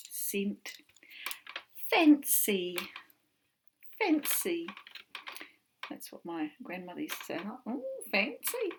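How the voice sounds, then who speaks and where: A woman with a New Zealand accent teaching an online phonics lesson from home, slowly sounding out letters and words. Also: fairly low pitch, background noise. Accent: New Zealand English.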